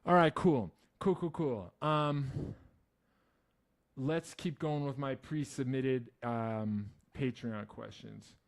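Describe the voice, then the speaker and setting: A man's voice: mid-range voice, takes it slowly, vocal fry, no room sound, clean studio sound. A young man from New Jersey hosting a musician's Q&A, talking casually with lots of swearing, restarts and self-mocking asides. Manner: profane, animated, self-mocking, many restarts. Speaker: musician YouTube host. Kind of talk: casual Q&A chat.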